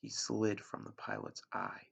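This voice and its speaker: A male teacher reads a chapter of a novel aloud, in a lively, expressive voice that swings up and down. His low voice is very gravelly and husky, and the recording sounds dull and lo-fi. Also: measured pace.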